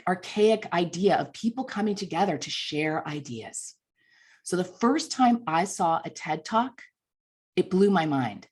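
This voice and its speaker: A woman's voice: mid-range voice, breathy edge. Chatty woman in her fifties telling stories. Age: 50s. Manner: lively, chatty, self-deprecating. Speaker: communications coach. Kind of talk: storytelling speech at a conference.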